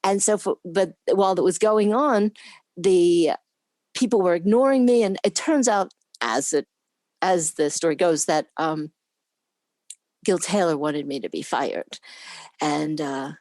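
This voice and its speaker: A woman in her seventies from New York, an interview guest who tells stories in a casual, animated way, laughing often and playing out the voices of people she quotes. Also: lowish voice, unhurried, long pauses, no echo. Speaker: guest, former camera assistant.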